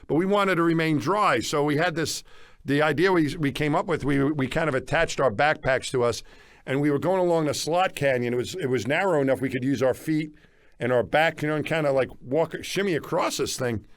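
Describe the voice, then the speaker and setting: Chuckling storyteller man, fairly high voice. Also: fairly quick, dry recording. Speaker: podcast co-host. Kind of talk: casual storytelling.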